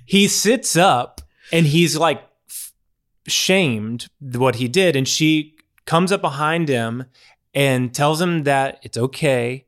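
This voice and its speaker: A man's voice: on the high side, slow, fairly bright tone. A man co-hosting a film podcast, retelling a scene in an earnest, rambling way with many restarts. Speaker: podcast co-host. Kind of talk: casual film discussion.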